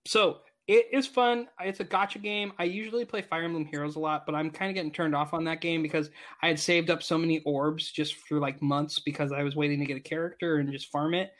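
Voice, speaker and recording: A man in his thirties with a slightly higher voice, chatting on a gaming podcast. He talks with eager enthusiasm, rambling and restarting his sentences as his ideas tumble out. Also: steady tone, fairly quick, a bit bright. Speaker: podcast co-host. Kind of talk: casual gaming podcast chat.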